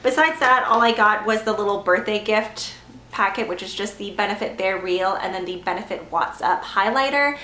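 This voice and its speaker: A woman's voice: mid-range voice, moderate pace, bright, forceful tone, reverberant, a little hiss or hum. A young woman chatting casually through a beauty haul, rambling with lots of "like" and "um". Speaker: beauty vlogger.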